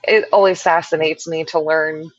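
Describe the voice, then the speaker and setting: A woman's voice: low-pitched, steady tone, moderate pace, no room sound. Easygoing woman on dull call audio. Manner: easygoing, laughs often. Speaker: guest. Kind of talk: casual chat.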